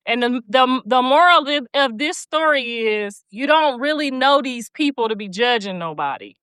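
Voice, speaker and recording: A woman's voice: high voice, expressive, unhurried, few pauses, pushed and bright, clear, resonant tone, no room sound. A woman hosting a livestream, telling stories bluntly with plenty of profanity and preachy asides, and reading viewer comments aloud. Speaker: livestream host. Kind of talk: casual livestream chat.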